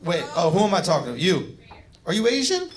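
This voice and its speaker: Male stand-up, brash crowd-work riffing, high and animated; live room with loud audience noise. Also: brisk. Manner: brash, teasing, laughing while riffing. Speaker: stand-up comedian. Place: comedy stage before a live audience.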